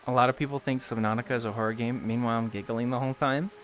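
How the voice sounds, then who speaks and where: A man's voice: mid-range voice, steady tone, very fast, faint music behind. A man chatting casually on a stream, joking around and coaching another player through a game. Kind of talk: casual gaming chat.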